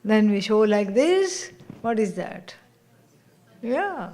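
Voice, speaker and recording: Woman, spiritual teacher, scripture lecture, slow delivery, frequent laughter. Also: medium pitch, big pitch swings, warm tone. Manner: unhurried, laughs often while telling stories.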